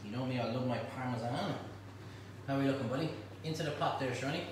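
A man's voice: mid-range voice, quick pace, very echoey, distant mic, background noise. A man hosting a casual cooking demonstration, chatty and jokey as he cooks and talks to his helpers in a home kitchen. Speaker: cooking show host.

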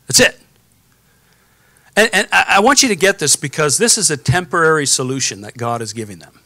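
A man preaching a sermon in a casual, storytelling way, pausing to ask the congregation questions. His voice is bright and forceful, sitting a little high for a man. The sound is dry and close. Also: animated, dry recording. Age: adult, has children. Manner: conversational preaching with frequent rhetorical questions and asides. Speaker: pastor.

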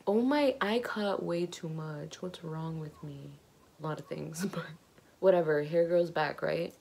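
A young woman chats to her camera from her bedroom with a slightly low-pitched voice, nervous and giggly, gasping and exclaiming as she goes. A faint hiss sits under the camera mic. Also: unhurried, creaky, warm tone. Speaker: vlogger. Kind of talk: casual vlog chat. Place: bedroom at home.

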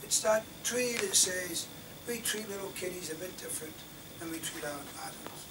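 An older man from Scotland gives an impassioned lecture as a defence lawyer. He talks rhetorically, rising to loud emphasis and dropping to near-whispers. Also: sits high, normal speed. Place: university lecture hall. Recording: distant mic in a lecture hall, faint room noise.

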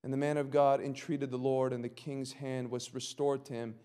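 A male pastor teaching a Bible study sermon, impassioned and building to loud, emphatic cries. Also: mid-range voice, little pitch movement, moderate pace, smooth. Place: church sanctuary. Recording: long hall reverb.

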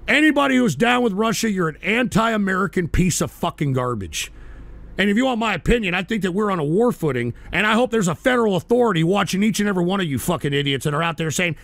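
A man's voice: high-pitched, sing-song, fast, gravelly, a bit bright, dry recording. A male show host ranting in anger at his chat, swearing and stumbling over restarts. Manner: heated, profane, stumbling restarts. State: agitated, shouting at times. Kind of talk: angry political rant reading chat.

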